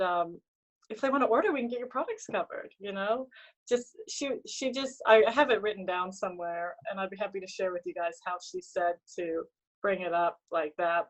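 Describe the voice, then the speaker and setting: A woman's voice: fairly low pitch, low-quality recording. A woman chatting casually on a video call from a tablet, talking freely with plenty of fillers. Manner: chatty, full of fillers, emotional. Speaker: team member sharing convention takeaways.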